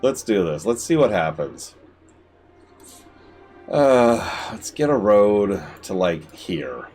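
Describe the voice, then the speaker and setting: A man giving live gameplay commentary as a streamer, talking to the game and swinging between shouted outbursts and low mutters. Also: big pitch swings, slow pace, soft background music.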